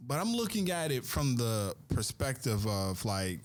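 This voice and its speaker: An animated man co-hosting a relaxed wrestling chat. His voice sits at a middling pitch but swings up and down a lot as he talks. He laughs easily and often doubles back mid-sentence to restart a thought. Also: unhurried. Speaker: podcast co-host.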